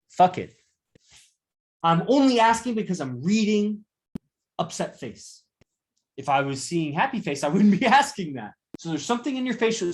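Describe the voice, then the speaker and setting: A man giving a live classroom lecture, confrontational and profane as he berates a student. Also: a little high.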